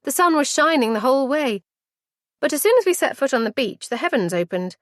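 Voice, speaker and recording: A woman's voice: high-pitched, sing-song, dry recording, clean studio sound. Intimate woman audiobook narrator. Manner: measured, intimate, reflective. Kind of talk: first-person audiobook narration.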